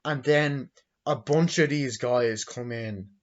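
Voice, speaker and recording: A young man in his twenties giving a rambling, profane movie review, acting out quotes in silly high voices. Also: slow pace, dull audio. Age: 20s.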